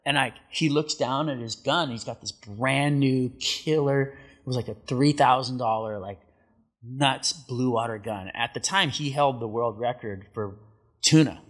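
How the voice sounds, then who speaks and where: A middle-aged man, a surfer guest on an interview show, telling a story in a casual, animated way, acting out what people said and saying "like" a lot. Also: medium pitch, a little slow. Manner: animated storyteller, acts out quotes, many filler likes.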